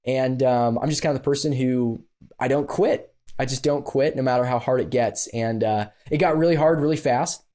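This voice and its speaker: Mellow-voiced man telling a story. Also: medium pitch, moderate pace. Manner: animated and self-deprecating, with frequent fillers. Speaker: podcast guest, business consultant. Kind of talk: conversational storytelling.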